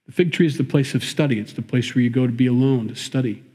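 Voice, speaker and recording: A man's voice: mid-range voice, fast, dark tone, slightly rough. A man preaching a sermon, mixing Bible reading with wry, joking asides and acting out the quoted lines. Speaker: pastor.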